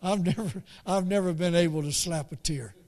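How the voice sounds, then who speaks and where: A man preaching a folksy story, halting and repeating words as he goes. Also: high voice, a little mellow. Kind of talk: storytelling sermon.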